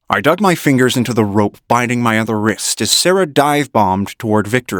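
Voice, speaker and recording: A man reading an audiobook in measured first-person narration. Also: mid-range voice, animated, dry recording, clean studio sound.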